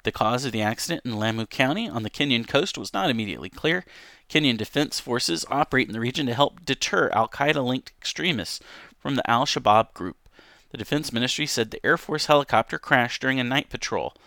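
A man's voice: mid-range voice, expressive, a little fast, bright, forceful tone, no echo, studio quality. A man casually reading news stories aloud on a livestream, with frequent ums, self-corrections and asides to chat. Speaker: livestream host.

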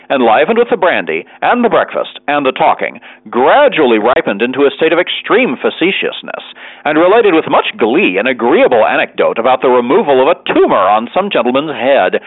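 A man reads a classic story aloud with a very lively, animated voice. The recording is narrow and phone-like, and bone-dry with no room sound. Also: medium pitch, dry recording. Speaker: narrator. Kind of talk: audiobook reading of a classic novel.

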